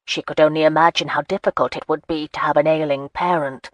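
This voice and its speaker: A woman narrating a romance audiobook in a steady, even storytelling manner. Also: low voice, brisk, no room sound. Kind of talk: scripted narration.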